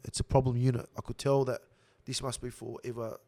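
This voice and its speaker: A man's voice: medium pitch, brisk. Swearing Australian man telling a jail story. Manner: swears heavily, animated slang-filled storytelling. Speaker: guest telling a prison story. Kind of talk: casual storytelling.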